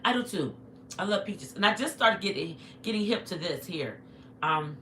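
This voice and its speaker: This middle-aged woman's medium-pitched voice is animated, bright, and forceful, at a moderate pace. She's livestreaming from home, eating and chatting casually with viewers, and her phone captures echo and faint noise.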